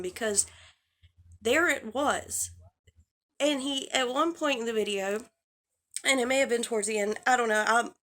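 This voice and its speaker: A woman with a slightly high voice delivers a casual vlog commentary. She sounds heated and exasperated, swearing freely and addressing the person she is criticising directly. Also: normal speed, a bit bright. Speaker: drama commentary vlogger.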